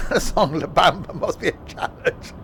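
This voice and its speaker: A man streams a train game and chats loosely as he plays, with a slightly high speaking voice. He rambles, makes jokes, and often loses his thread mid-sentence. A faint hiss sits under the voice. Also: normal speed, fairly bright tone. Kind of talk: casual gameplay commentary.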